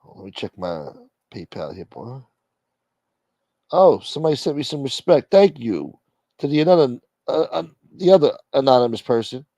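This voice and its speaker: A brash, foul-mouthed man hosts a joking church-style livestream in a mid-pitched voice. He drops to a mutter and then bursts out loud. The sound is dry and close, with no room echo. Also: very animated, moderate pace. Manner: brash and profane, swings from mumbling to loud outbursts. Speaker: host of a mock church livestream. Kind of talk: casual comedic livestream banter.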